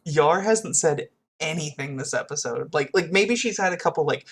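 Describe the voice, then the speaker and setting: A co-host with a mid-pitched, gravelly voice full of vocal fry retells scenes in an animated way on a podcast. Quotes are acted out with big jumps in voice, and the talk stays loose and chatty. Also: moderate pace. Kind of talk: casual podcast chat.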